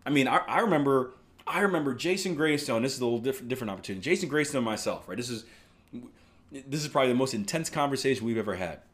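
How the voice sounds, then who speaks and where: Man, trading instructor, casual live-stream teaching, middle pitch, chatty, keeps asking "right?".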